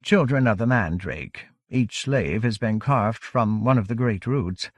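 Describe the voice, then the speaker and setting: A hushed, breathy figure that is never seen, speaking with calm, courteous menace from somewhere close by, as a man puts the voice on. The voice is low and soft as drifting wind, polite and unhurried. It is recorded dry for a storybook reading. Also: dry recording. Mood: polite, menacing. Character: unseen breathy captor, soft-spoken and polite.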